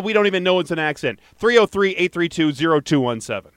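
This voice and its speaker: A man's voice: fairly high pitch, lively intonation, fast, few pauses, clear, resonant tone, no room sound, clean studio sound. A man hosting a casual podcast, upbeat and chatty, reading out a call-in number and plugging next week's show. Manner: upbeat, chatty, laughs easily. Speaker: podcast host.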